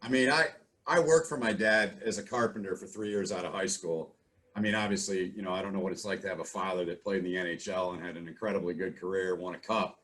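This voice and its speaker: Low-voiced man hosting a podcast. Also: fast talker, fairly bright tone. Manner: conversational, asks leading questions. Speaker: podcast host. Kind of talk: casual interview.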